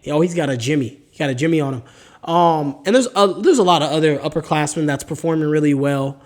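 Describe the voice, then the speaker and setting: A man's voice: fairly high pitch, fast. A man hosting his own solo basketball podcast, talking casually with slang and reading off player stats, with the hiccups. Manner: casual, slangy, hype, reads off stat lines. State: has the hiccups. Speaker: podcast host. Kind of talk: solo sports podcast talk.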